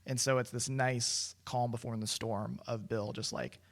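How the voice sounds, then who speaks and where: A man co-hosting a podcast, chatting casually about a film, with quick asides and frequent laughs. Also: medium pitch, steady tone, vocal fry. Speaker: podcast co-host. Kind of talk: casual movie discussion.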